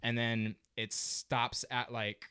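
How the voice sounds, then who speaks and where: A man co-hosting a podcast, recapping a show in a laid-back, halting way. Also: medium pitch, flat delivery, pushed and bright, smooth. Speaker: podcast co-host. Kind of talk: casual chat, recapping a show.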